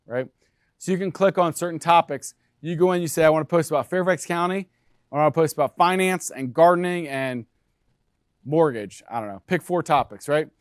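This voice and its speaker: Guy pitching agent tools, kinda high voice, lots of "right?", dry close sound. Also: clean tone, dry recording. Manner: energetic, talks to the room with frequent "right?". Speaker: brokerage presenter. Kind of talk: sales presentation to agents.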